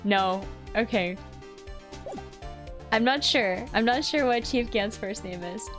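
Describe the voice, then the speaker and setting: A young woman streamer chatting slowly and giggling as she thinks aloud over a game. Her voice sits a bit high, with faint game music behind. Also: a bit bright. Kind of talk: casual let's-play commentary.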